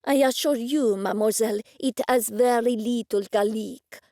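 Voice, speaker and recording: A woman voicing a polite, evasive male French chef who speaks formal, halting English in a put-on French accent. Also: on the high side, mellow, no room sound, studio quality, lightly acted.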